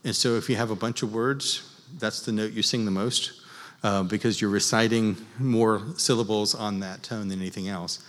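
A man teaching church music to a class, explaining in an unhurried, halting way with many fillers. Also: lowish voice, steady tone, fairly bright tone. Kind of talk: class lecture leading group chant. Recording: long reverb in a large hall.

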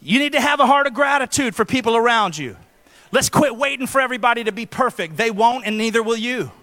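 A man, preaching a sermon in a church. He swings between loud, impassioned exhortation and hushed storytelling. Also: high voice, big-room sound. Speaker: pastor.

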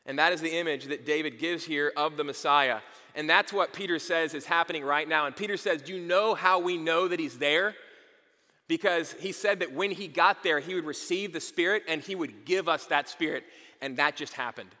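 A man preaches a sermon in a relaxed, conversational way, restarting his sentences with repeated words. His voice is fairly high and bright, with a forceful edge. The sound rings with a long reverb, as in a church hall. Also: a little fast. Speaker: pastor.

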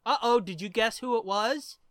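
A person co-hosting a casual movie commentary, animated and joking, swearing freely and talking fast in bursts. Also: medium pitch, no room sound, studio quality. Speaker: co-host of a movie commentary podcast.

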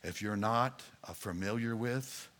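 A man's voice: lowish voice, measured pace, a bit bright. A male pastor preaching a sermon, addressing the congregation directly in a playful coaching manner.

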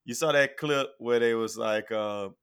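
A man's voice: mid-range voice, a little slow, a bit bright, smooth. A man co-hosting a podcast, chatting and joking in a laid-back way. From Shreveport, Louisiana. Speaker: podcast co-host. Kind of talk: casual chat.

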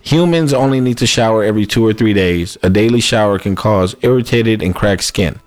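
A man's voice: lowish voice, brisk, faint music behind. A man co-hosting a radio podcast in casual chat, laid-back and reading listener comments aloud with emphasis. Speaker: podcast co-host. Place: podcast studio.

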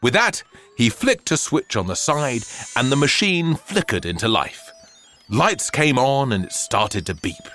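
A man reads a children's story aloud at an unhurried pace. His pitch swings widely as he brings the characters to life. A faint music bed plays underneath. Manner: slow, lively storytelling with voices for characters. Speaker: narrator. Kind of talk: storybook reading.

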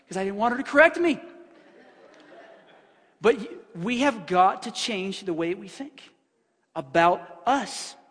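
A man's voice: very high voice, fairly bright tone, in a large hall. A man preaching a sermon, emphatic and conversational, often breaking off and restarting his sentences. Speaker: pastor.

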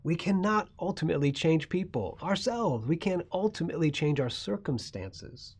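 A man preaching a sermon who moves between quiet, dropping phrases and loud, emphatic lines. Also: expressive, moderate pace, breathy edge. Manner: swings from soft, low asides to loud, rising emphasis. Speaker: pastor.

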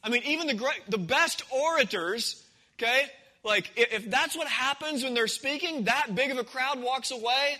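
Pastor type, high and very bright voice, relaxed storytelling delivery. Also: male voice, normal speed, low-quality recording. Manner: conversational storytelling, acting out the scenes. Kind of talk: sermon.

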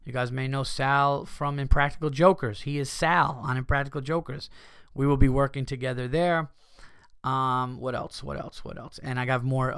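Comedian host, male, swearing storyteller, dry close mic, mid-pitched voice. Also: clear, resonant tone, no room sound. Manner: profane, animated, acts out his own outbursts. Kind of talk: casual storytelling monologue.

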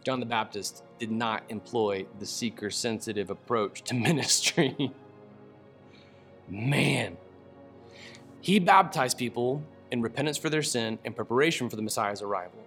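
A man giving a casual Bible teaching, reading scripture aloud and breaking into slangy, animated asides with laughter. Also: mid-range voice, normal speed, faint music behind.

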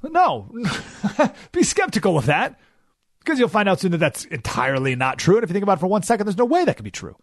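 A man's voice: high voice, huge pitch swings, fast talker, dry recording. A man hosting a radio talk show, delivering an emphatic, sarcastic opinion monologue from a studio.

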